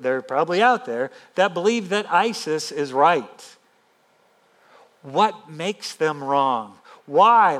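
A man pastor giving a sermon in an animated, emphatic, conversational way. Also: a little high.

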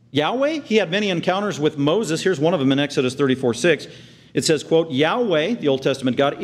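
A man delivers a sermon in a somewhat high voice. He sinks to quiet, tender passages and then climbs into loud, excited bursts as he acts out the crowd's outrage. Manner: earnest preaching, swings from hushed tender lows to loud excited highs. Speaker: pastor.

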